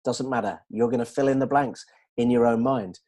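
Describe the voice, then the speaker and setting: A man explaining communication ideas to colleagues in an animated way, checking that they follow. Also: mid-range voice, brisk. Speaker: dental communication trainer. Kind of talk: explanatory discussion.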